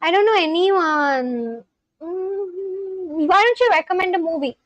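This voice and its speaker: Woman streamer, bright high voice, dry close sound, chatty and giggly with her viewers. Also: lively intonation, slow, no echo, lo-fi sound. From India. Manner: chatty, giggly, reads chat messages aloud and answers them. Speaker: livestream host. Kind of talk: casual livestream chat with viewers.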